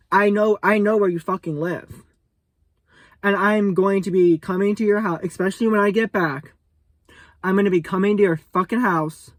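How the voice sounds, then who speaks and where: A man's voice: high voice, no echo. A young man ranting furiously to camera in a vlog, swearing and confronting someone, repeating himself and tripping over his words. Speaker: vlogger. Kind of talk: angry vlog rant to camera.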